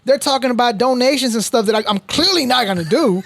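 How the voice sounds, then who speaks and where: A man's voice: very high-pitched, quick pace, dry recording. A man hosting a casual podcast, telling stories in a rambling way with frequent restarts. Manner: rambling, restarts often, animated storytelling. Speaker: podcast host.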